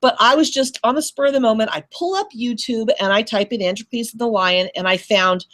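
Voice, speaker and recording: A woman's voice: fairly high pitch, a little fast. A woman teacher hosting a video call chat, telling a story and acting out the voices in it. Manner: animated storyteller, acts out voices. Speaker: teacher and show host.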